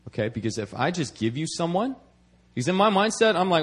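A man's voice: fairly high pitch, big pitch swings, brisk, slightly rough. A man preaching a sermon in a conversational way, often checking in with "okay?" and repeating words as he restarts. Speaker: preacher and missionary.

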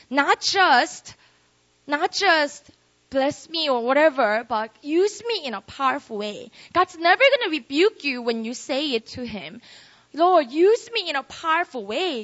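Lively woman preacher. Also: sits high. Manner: lively, conversational, acts out quotes. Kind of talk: sermon. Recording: dull lo-fi recording.

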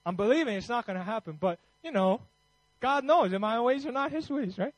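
A man's voice: very high-pitched, expressive, a little fast, dry recording, low-quality recording. A man preaching a Christmas sermon in a conversational way, then leading a fervent prayer. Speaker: pastor.

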